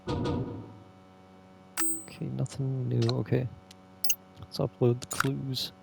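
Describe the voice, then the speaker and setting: A man's voice: mid-range voice, level tone, slow pace, gravelly, pauses often, noisy background. A man playing a game, reading in-game texts aloud and musing on the clues. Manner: musing, reacting aloud as he reads. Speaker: game player. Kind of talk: let's play commentary, reading in-game texts.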